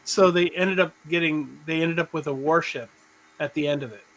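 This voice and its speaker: Rambling middle-aged man, higher voice. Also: normal speed, a bit bright, poor audio. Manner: rambling, restarts often, laughs as he talks. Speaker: podcast host. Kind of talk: casual chat on a live stream.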